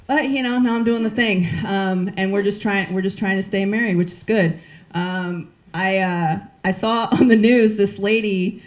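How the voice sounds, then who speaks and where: A woman stand-up comedian in her thirties, telling a chatty, animated story with voiced asides. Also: mid-range voice, normal speed. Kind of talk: stand-up set.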